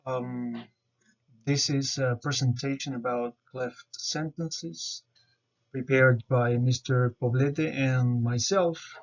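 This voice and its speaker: A man talks through a grammar presentation at an unhurried pace, spelling out each step with care. His voice sits at an ordinary pitch. The recording sounds muffled and lo-fi. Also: fairly even intonation. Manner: slow, careful, explanatory. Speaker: student presenter. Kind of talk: explaining grammar over slides. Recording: dull lo-fi recording.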